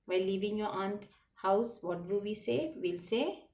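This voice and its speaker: In a patient classroom style, a woman teaches children French words slowly, repeating them and spelling them out letter by letter. Her mid-range voice is expressive, a little mellow and slightly slow. The mic picks her up from a distance, with a roomy echo around her.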